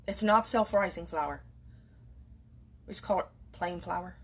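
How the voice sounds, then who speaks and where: In her home kitchen, a woman rambles and chats while baking for a casual cooking video, speaking at a measured pace with a breathy edge. Now and then she turns to her cats in a high, playful voice.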